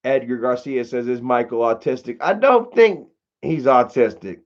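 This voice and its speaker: A man's voice: medium pitch, expressive, normal speed, highs cut off. A man hosting a livestream, telling a rambling, profane story to his chat, with "man" and "bro" after nearly every phrase. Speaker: livestream host. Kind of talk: casual storytelling to live chat.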